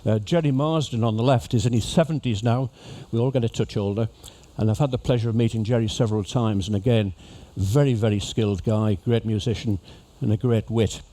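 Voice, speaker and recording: A man's voice: fairly low pitch, fairly even intonation, fairly quick, few pauses, warm tone. A man giving a humorous, chatty talk to cruise passengers as an after-dinner speaker. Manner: jokey, chatty storyteller addressing an audience. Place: ship lecture venue.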